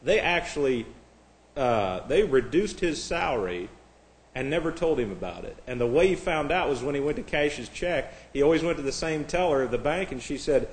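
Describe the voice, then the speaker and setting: A man's voice: on the high side, animated, normal speed. A man preaching a sermon, telling stories and reading out joke lists, chuckling between them. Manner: storytelling, chuckles between jokes; reads lighthearted lists aloud. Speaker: pastor. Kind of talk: humorous sermon.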